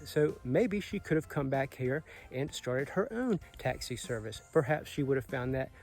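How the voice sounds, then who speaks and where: A man's voice: medium pitch, lively intonation, normal speed, a little mellow, soft background music. A man in his late forties giving an earnest, motivational vlog talk outdoors, swearing casually. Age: 40s. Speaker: vlogger. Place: outdoors on a Caribbean island.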